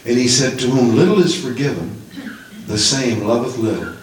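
A man's voice: mid-range voice, animated, moderate pace. A man in his sixties preaching a heartfelt testimony sermon, telling his story with emotion and pleading rises. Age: 60s. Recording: echoey room, distant from mic.

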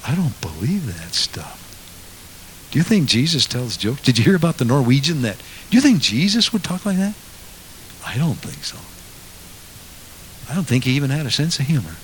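A man preaching a sermon as a pastor, moving from quiet asides to loud, impassioned passages. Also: mid-range voice, slight background noise.

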